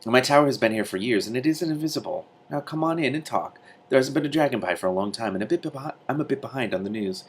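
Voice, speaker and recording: A man's voice: medium pitch, lively intonation, quick pace, hardly any pauses, breathy edge, voice pushed up. A man reading aloud, voicing a polite, amused, verbose male magician. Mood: courteous.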